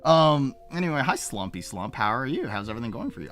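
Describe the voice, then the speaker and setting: A man's voice: mid-range voice, very animated, quick pace, a bit bright. A young man streaming live, chatting casually with his chat in a rambling, profane way.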